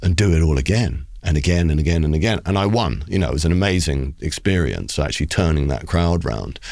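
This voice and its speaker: A middle-aged man with a low, gravelly voice tells his story with theatrical flair, often acting out the voices of other people. He stops and restarts his sentences as he goes. The studio sound is close and dry. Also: animated, a little fast, a little mellow, no echo. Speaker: guest poet. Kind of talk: storytelling interview anecdote. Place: recording studio.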